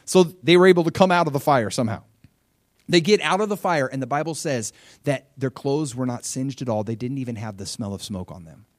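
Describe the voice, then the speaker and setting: Animated male pastor preaching, dry sound. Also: brisk, dry recording. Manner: animated storytelling, acting out quotes with big swings in pitch and loudness. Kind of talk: sermon.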